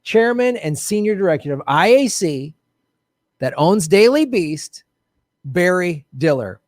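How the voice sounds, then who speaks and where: A sarcastic, blunt-talking man delivers an online commentary monologue. His voice sits high and swings up and down as he mocks what he reads. The sound is close and dry, with no room around it. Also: unhurried, no room sound. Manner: sarcastic and animated; blunt, swears often. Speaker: political commentary host.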